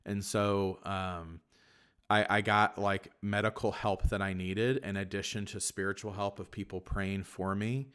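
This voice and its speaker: A young man, a Catholic priest, telling his personal story in a reflective way, with many fillers and soft laughs. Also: on the low side, fairly even intonation, a little slow, clean tone. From Kentucky, USA. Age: young adult. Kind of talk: personal testimony in conversation.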